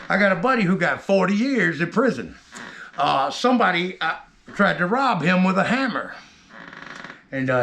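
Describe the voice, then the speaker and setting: A man telling a rough story from his own past in casual, rambling talk, heavy with cursing. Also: high voice, bright, forceful tone.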